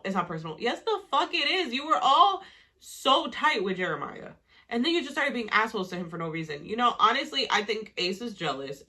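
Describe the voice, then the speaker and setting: Bright-voiced woman ranting casually. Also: medium pitch. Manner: heated, profane, exasperated ranting. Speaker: reality TV recap vlogger. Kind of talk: casual reaction commentary.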